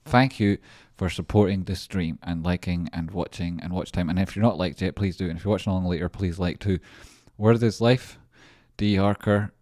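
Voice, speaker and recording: Deep-voiced, rambling, jokey male streamer. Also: fairly quick, hardly any pauses, no room sound, clean studio sound. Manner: rambling and jokey, bursts of excitement; reading out supporter names. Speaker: livestream host, trader. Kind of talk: casual livestream chat.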